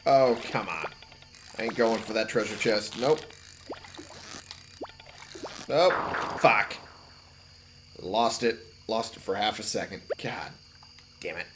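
A man giving casual gameplay commentary, muttering to himself and cursing loudly at the game. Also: lowish voice, slow pace, long pauses, background noise. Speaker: let's play gamer.

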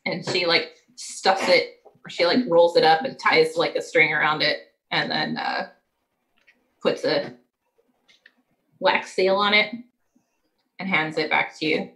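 A woman's voice: sits low, steady tone, unhurried, pauses often, sharp tone, poor audio. A woman running a tabletop game as game master, narrating casually with frequent laughter. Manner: casual, laughing often, loose fillers like "like".

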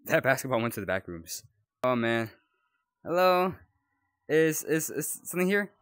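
A man's voice: mid-range voice, sing-song, moderate pace, long pauses, fairly bright tone, clean tone, dry recording, studio quality. A young man commentating his own horror game playthrough, jumpy and rambling, yelping when startled. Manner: jumpy, yelps and rambles while scared. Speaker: gaming YouTuber.

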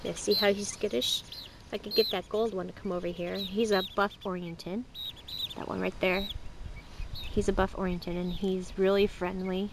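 A chatty woman shows off her backyard chickens and ducks on a handheld camera, talking in an easygoing, middle-of-the-road voice. She is outdoors by the coop, and clear outdoor noise and birds sit behind her. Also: little pitch movement, moderate pace. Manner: chatty, talks to her birds in a high coaxing voice. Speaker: vlogger. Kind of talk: casual show-and-tell vlog.

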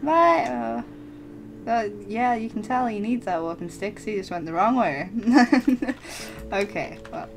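A fairly high-voiced woman chatting in character during a casual game role-play, giggling and teasing as she goes. Her voice has a light, slightly raised pitch. Soft game music plays faintly underneath. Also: animated, a little slow, vocal fry. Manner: giggly, playful, often laughing mid-sentence. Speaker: lead voice actor and player.

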